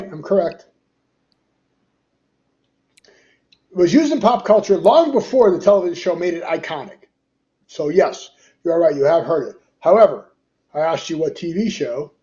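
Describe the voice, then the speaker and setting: A man's voice: fairly high pitch, expressive, normal speed, pauses often, warm tone. Teasing man on a lo-fi line. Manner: teasing, quiz-like banter. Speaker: podcast co-host. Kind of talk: casual chat.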